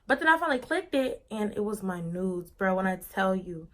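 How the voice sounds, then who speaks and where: A woman's voice: mid-range voice, sing-song, normal speed, a bit bright. A young woman vlogger telling a personal story in a casual, dramatic, slangy way.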